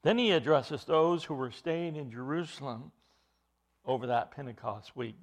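A man preaching an expository sermon, emphatic, with his voice rising into loud bursts. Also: mid-range voice, normal speed.

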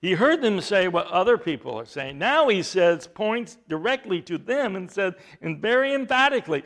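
A man preaching a sermon, emphatic, with rhetorical questions and swings between loud and hushed delivery. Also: sits high, very animated, moderate pace, hardly any pauses.

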